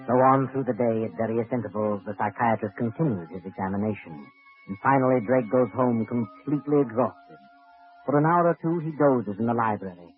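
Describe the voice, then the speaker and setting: A man's voice: mid-range voice, brisk, phone-quality sound, faint music behind, lightly acted. A man playing an ominous, all-knowing narrator in 1940s radio narration on an old broadcast. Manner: sinister, knowing.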